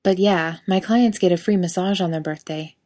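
A woman's voice: fairly low pitch, normal speed, mellow, close to an everyday voice. A woman voicing a teasing young masseur. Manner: teasing, playful. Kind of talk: audiobook fiction reading.

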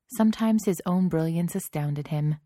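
Woman, story reader, low voice, wry conversational narration, dry close sound. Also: moderate pace, warm tone, dry recording. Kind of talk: reading fan fiction aloud.

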